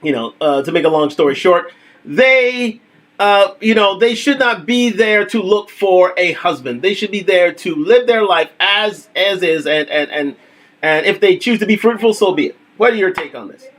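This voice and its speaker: A man hosting a casual live talk stream, animated and repetitive, laughing often. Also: high-pitched, moderate pace, slight background noise.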